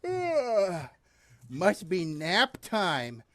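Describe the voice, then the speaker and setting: A puppet show host telling silly stories and singing rhymes in an animated, teasing way, recorded in a basement. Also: mid-range voice, very slow, dry recording. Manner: animated, sing-song, teasing with the audience. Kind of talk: playful puppet storytelling.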